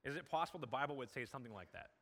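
A man's voice: medium pitch, expressive, racing, fairly bright tone. A man preaching a sermon as pastor, earnest and conversational, building emphasis on key points. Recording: long hall reverb.

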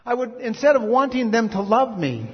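A man's voice: very high-pitched, big pitch swings, normal speed. A middle-aged male pastor preaching a sermon, reflective and confessional, asking the listeners questions. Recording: dull lo-fi sound with long hall reverb.

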